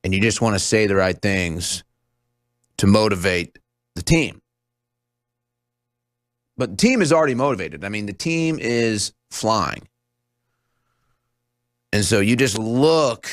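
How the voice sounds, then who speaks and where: A man's voice: on the low side, lively intonation, measured pace, long pauses, no room sound, studio quality. A young man hosting a talk show, delivering a sarcastic, scornful monologue that jumps between topics.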